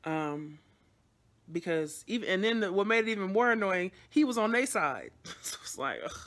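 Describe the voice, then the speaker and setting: A woman's voice: mid-range voice, sing-song, normal speed, fairly bright tone. A woman vlogging casually, venting bluntly to her camera with frequent swearing and rambling restarts.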